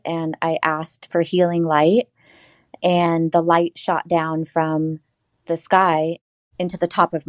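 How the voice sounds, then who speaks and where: A woman's voice: low-pitched, a little mellow, no echo. A woman guest telling a personal story in casual interview talk, acting out the voices she quotes.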